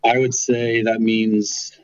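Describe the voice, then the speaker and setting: A man who is a podcast guest, talking in halting, self-conscious casual banter. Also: fairly low pitch, little pitch movement, dull audio.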